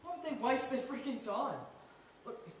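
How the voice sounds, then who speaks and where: A man's voice: very high voice, expressive, normal speed, a little hiss or hum. A young man plays an anxious drug mule who keeps questioning. He sounds agitated and fed up. The voice rings in a very echoey stage room, far from the mic. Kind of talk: stage acting.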